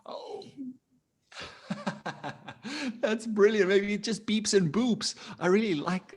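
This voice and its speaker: A man's voice: lively intonation, measured pace, a little mellow. Male teacher, online kids' class, upbeat and encouraging, slightly raised voice, computer mic. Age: adult. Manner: upbeat, encouraging, with playful pitch jumps. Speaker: coding teacher. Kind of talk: live online lesson for young children.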